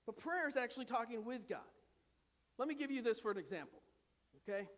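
A male pastor with a notably high voice preaches in a church. His delivery swings from loud, urgent calls to hushed, conversational asides. A long reverb from the hall trails his words. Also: animated, a little fast. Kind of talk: sermon. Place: church sanctuary.

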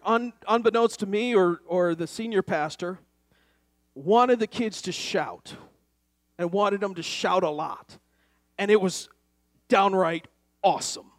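A man's voice: sits high, dry recording. Male pastor, raised voice, dry close sound, preaching to a church crowd with growing fervor. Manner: storytelling, building to loud call-and-response exhortation. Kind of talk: sermon. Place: church before a congregation.

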